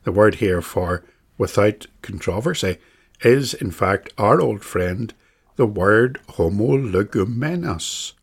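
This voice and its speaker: A man teaching a catechism class on a bible passage, speaking in a measured, emphatic way and repeating phrases for stress. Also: on the low side, lively intonation, creaky, slightly rough.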